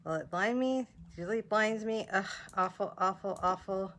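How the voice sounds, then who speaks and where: Woman, livestream host, casual rambling chat, bright tone. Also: mid-range voice, moderate pace. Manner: chatty, chaotic, greets viewers by name. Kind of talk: casual live-stream chat. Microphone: video call.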